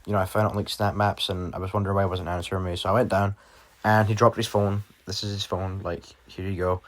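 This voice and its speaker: A young man from Britain tells a personal story straight to camera in a loose, rambling way. He peppers his talk with fillers and swearing. His voice sits on the low side. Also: little pitch movement, fast talker. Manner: rambling, heavy swearing, lots of "like". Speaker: vlogger. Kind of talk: casual storytelling.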